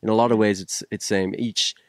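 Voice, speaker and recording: A man with a lowish voice tells stories in a relaxed, casual chat, full of "uh"s and restarts. He is recorded close on the mic in a dry room with no echo, like a sit-down podcast. He sounds like one filmmaker chatting with another. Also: fairly quick. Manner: storytelling, with many fillers and restarts. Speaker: co-host, filmmaker.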